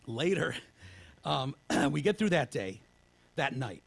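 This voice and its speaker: A man from Michigan, a podcast co-host telling a long story in casual, profane talk. He drops to hushed whispers when quoting himself. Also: medium pitch, very animated, takes it slowly, vocal fry.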